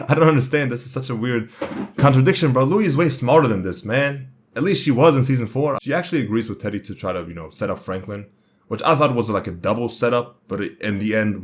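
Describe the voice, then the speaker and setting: A young man giving a casual, slangy, excited review of a TV show, rambling as he goes. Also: on the low side.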